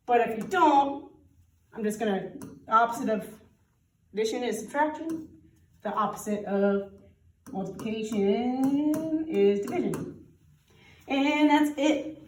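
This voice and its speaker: A woman teaching a casual math lesson, chatty and thinking aloud, laughing at her own slips. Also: fairly high pitch. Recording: roomy sound from a distant mic.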